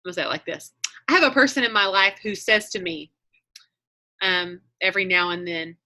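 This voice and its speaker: A woman leading an online group chats casually on a video call, meandering and often correcting herself mid-sentence. Her voice is on the low side, fairly quick and sharp in tone.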